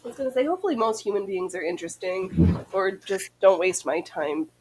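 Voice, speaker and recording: A woman host talking casually while she works on her sewing, chatty and playful, laughing easily along with her guest. Her voice sits at an ordinary mid pitch. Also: brisk, darkish tone, a little hiss or hum. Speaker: podcast host.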